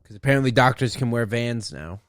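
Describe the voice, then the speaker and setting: A man's voice: mid-range voice, lively intonation, fairly quick, dry recording. A man hosting a comedy podcast, telling a story as a profane, exasperated rant.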